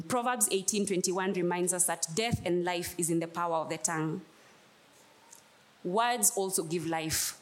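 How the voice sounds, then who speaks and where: A woman preaching a sermon, telling a personal story in an emphatic way and repeating key phrases. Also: lowish voice.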